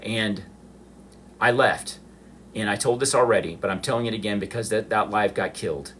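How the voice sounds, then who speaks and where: A middle-aged man with a fairly low voice recounts a painful chapter of his life on a phone livestream. He speaks emotionally and haltingly, often stopping and restarting his sentences. A faint hum of the room sits behind him. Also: a bit bright. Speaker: livestream host. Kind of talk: personal storytelling on a livestream.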